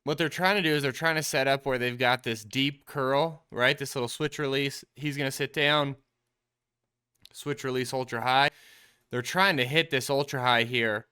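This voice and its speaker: Guy doing a casual qb film breakdown, bright crisp voice, coachy, explains it step by step. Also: medium pitch, fairly even intonation, moderate pace. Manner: coach-like, explains step by step, addresses viewers as team. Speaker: quarterback trainer and show host.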